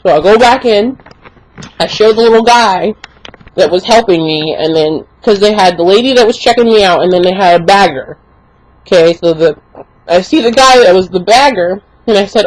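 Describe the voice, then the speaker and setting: A young woman vlogger telling an exasperated, animated story in casual chat, full of "like" fillers. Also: medium pitch, moderate pace, no room sound, rough recording. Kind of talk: casual ranting story to camera.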